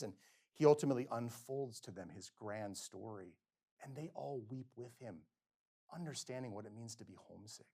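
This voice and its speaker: Animated male lecturer telling stories. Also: mid-range voice, a little fast, vocal fry, husky. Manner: animated storyteller, acting out quotes with sudden loud and soft swings. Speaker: physician giving a grand rounds lecture. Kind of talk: lecture with storytelling. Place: lecture hall.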